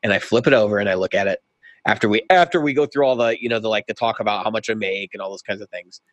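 A man's voice: lowish voice, fast, no echo. A middle-aged man co-hosting a casual podcast, animatedly acting out both sides of a conversation as he tells a story. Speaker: podcast co-host.

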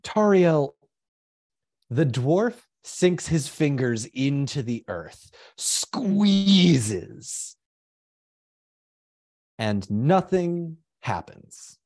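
A man running a tabletop game as game master, narrating the scene slowly. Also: on the high side, sing-song, a little mellow, no room sound, studio quality.

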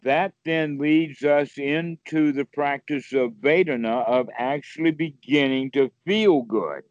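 A man's voice: takes it slowly, no room sound, muffled recording. A man teaching Buddhist practice in casual talk, playfully acting out inner voices. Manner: playful, acts out inner voices with sudden high exclamations. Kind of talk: casual spoken teaching on a call.

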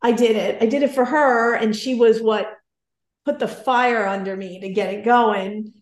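A woman in her forties telling a personal story in casual conversation, animated and self-deprecating. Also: a little high, unhurried, echoey room.

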